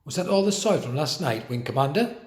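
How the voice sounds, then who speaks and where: A man's voice: a little high, expressive, brisk, natural voice. A man voicing a worried, polite young boy who speaks hesitantly. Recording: roomy echo.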